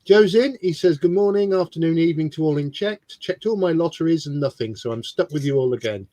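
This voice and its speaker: A man's voice: a little high, lively intonation, fairly quick, dark tone, no echo. A man co-hosting a hobby livestream, casually greeting viewers and teasing them as he reads their comments. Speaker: livestream co-host. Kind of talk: casual chat. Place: home studio, on a video call.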